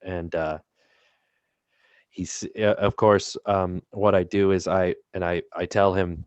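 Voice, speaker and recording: Male player, very deep and level, measured narration with fillers. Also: flat delivery, clear, resonant tone, dry recording, lo-fi sound. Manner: deliberate, with fillers. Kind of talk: describing actions in a tabletop game.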